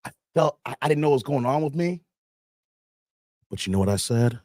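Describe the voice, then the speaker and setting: A man from Chicago hosting a casual livestream, telling a story with animated acted-out voices and talking straight to his viewers. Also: medium pitch, brisk, pauses often, no room sound, clean studio sound. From Chicago, USA. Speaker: livestream host.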